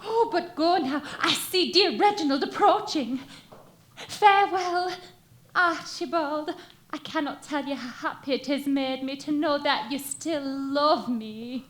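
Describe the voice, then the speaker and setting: A woman's voice: high-pitched, unhurried. Woman playing a torn, melodramatic young milkmaid. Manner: earnest, breathless, melodramatic. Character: young milkmaid torn between duty and love. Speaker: stage actor. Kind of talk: amateur stage musical acting. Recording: echoey theater stage.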